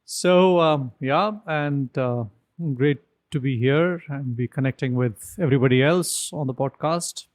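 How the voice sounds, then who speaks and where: A man's voice: medium pitch, a little slow. A man, a podcast guest telling long, rambling stories with many "um"s, "I mean"s and "you know"s. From India. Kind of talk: casual storytelling interview.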